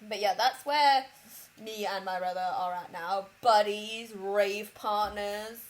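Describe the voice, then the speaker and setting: A woman's voice: mid-range voice, takes it slowly, poor audio. Brief: young woman, casual sweary podcast chat, lots of impressions. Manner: swearing storyteller, animated impressions, many likes. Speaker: podcast co-host.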